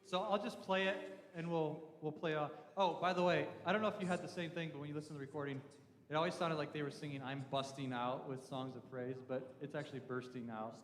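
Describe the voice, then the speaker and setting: A man's voice: on the high side, fairly even intonation, fast. A man leading his church worship band through rehearsal, talking casually and joking while he hums parts of the melody. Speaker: worship leader. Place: church sanctuary. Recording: roomy hall with loud live music.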